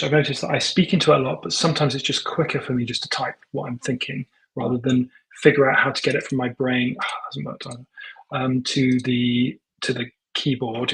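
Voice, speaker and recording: A man thinking aloud while he live-codes, muttering and halting, full of ums and self-corrections, now and then dictating prompts to the computer. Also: medium pitch, fairly bright tone, poor audio. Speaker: tech founder live coding.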